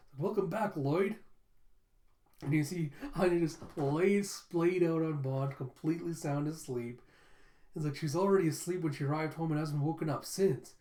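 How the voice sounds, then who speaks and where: A man's voice: fairly high pitch, moderate pace, dark tone. A man casually recapping manga chapters as a reaction host, rambling and swearing now and then. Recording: roomy echo.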